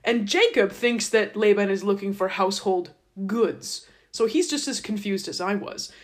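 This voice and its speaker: A woman's voice: mid-range voice, moderate pace. A woman podcast host casually retelling a scripture story in a chatty, wry, irreverent way.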